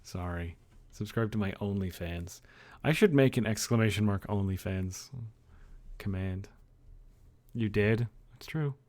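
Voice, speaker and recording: A man's voice: on the low side, measured pace, darkish tone. A young man streamer in casual livestream chat, joking and laughing often.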